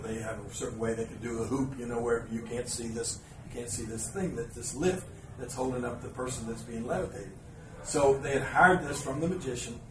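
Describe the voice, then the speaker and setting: A man spins a loose, meandering story for a live crowd, stopping and restarting his sentences as he goes. His voice is mid-pitched and sits back from the mic in an echoey hall, with steady room noise around it. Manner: rambling, filler-heavy anecdote with frequent restarts and asides. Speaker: podcast host. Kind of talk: storytelling before a live audience. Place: live event venue. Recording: roomy live venue, mic at a distance, background noise.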